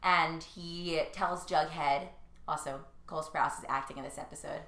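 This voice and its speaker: A chatty woman co-hosting a podcast, retelling scenes with lively, laughing energy. Her voice is bright and clear, and the recording has a roomy echo. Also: sits low, normal speed. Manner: laughing, chatty, animated storytelling. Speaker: podcast co-host. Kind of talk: casual chat about a TV show. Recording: roomy echoey room.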